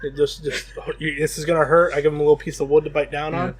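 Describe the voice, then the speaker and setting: Man, slightly high voice, deadpan riffs, casual comedy chat, swears a lot. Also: fast, husky, rough recording. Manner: deadpan riffing, swears freely. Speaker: podcast co-host.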